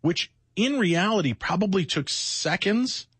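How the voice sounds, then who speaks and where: A middle-aged man with a husky voice and a dry, close studio sound co-hosts a late-night radio show. He sounds worn out and short on sleep, rambling and reflecting with self-mocking asides. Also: sits high, expressive, a little slow, a bit bright, no room sound. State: exhausted, sleepless. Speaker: radio co-host.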